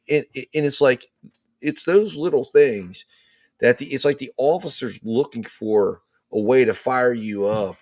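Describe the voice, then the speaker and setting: A man's voice: mid-range voice, unhurried, no echo, studio quality. A man hosting a live legal talk show, telling a personal story in a casual way and acting out the quotes. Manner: animated storyteller, acts out quotes loudly.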